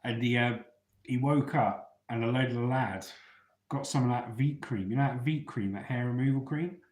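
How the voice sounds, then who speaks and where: A man's voice: medium pitch, moderate pace, a little mellow, echoey room. A man who once served in the army, chatting casually on a live stream and often calling his listeners mate. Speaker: ex-soldier live-stream host. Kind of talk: casual live-chat storytelling.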